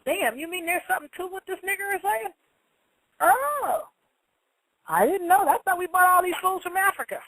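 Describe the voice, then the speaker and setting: A woman hosting a live talk show, explaining legal matters in a blunt, profane, fast-talking way and reading out messages from listeners. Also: mid-range voice, no room sound, rough recording. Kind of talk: live call-in talk monologue.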